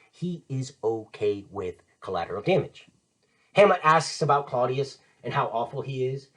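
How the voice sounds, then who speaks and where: A man's voice: medium pitch, normal speed. A man teaching literature in a casual lecture, retelling a play in modern slang. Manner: chatty, paraphrases quotes in modern slang, lively and animated.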